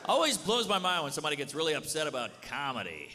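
A man with a rather high voice talks fast, his pitch swooping wildly as he does a crude, conversational stand-up set full of "you know." He's on a comedy club stage, picked up by a live stage mic in a reverberant hall with a loud crowd laughing and room noise around him.

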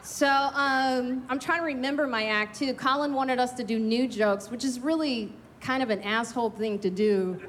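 A woman's voice: fairly high pitch, moderate pace, few pauses, fairly bright tone, a little hiss or hum. A middle-aged woman doing a brash, confiding, self-mocking stand-up set at an outdoor drive-in show. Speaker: stand-up comedian. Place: outdoor drive-in stage, parking lot.

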